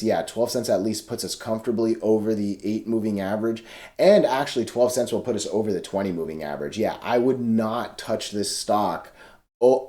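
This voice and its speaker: A man's voice: lowish voice, warm tone. A man giving casual stock chart commentary, loose and chatty, often checking in with "right?" and restarting his sentences.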